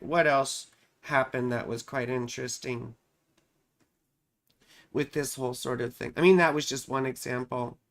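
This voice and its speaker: A woman astrologer with a very deep voice hosts a casual live stream. She's chatty and self-amused, often repeating her phrases and tossing in "right?".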